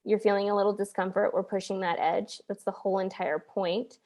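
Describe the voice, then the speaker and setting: A woman's voice: mid-range voice, flat delivery, brisk, darkish tone. A woman hosting a podcast, talking in an earnest, coaching way with many restarts. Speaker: podcast host. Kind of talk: casual podcast conversation.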